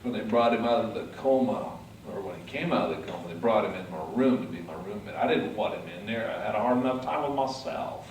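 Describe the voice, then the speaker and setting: A man giving a motivational speech, telling his story dramatically, swinging from hushed to loud. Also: lowish voice, expressive, quick pace, hardly any pauses, recorded from a distance, a little hiss or hum. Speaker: motivational speaker. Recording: echoey hall, mic from afar.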